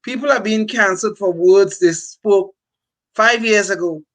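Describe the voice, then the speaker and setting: A man's voice: high voice, unhurried, a bit bright, poor audio. An older man talking as a podcast co-host, impassioned and emphatic, often repeating words as he builds a point. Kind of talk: opinionated political talk.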